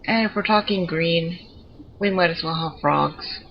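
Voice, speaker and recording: A woman's voice: fairly low pitch, unhurried, dull audio, slight background noise. A woman giving chatty, digressive commentary while showing off her pets in a video game. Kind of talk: casual gameplay commentary.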